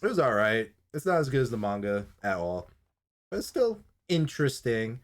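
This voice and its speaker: A man's voice: mid-range voice, sing-song, normal speed. A young man co-hosting a casual review chat, rambling and swearing, laughing often and acting out scenes in silly voices. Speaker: podcast co-host reviewing anime.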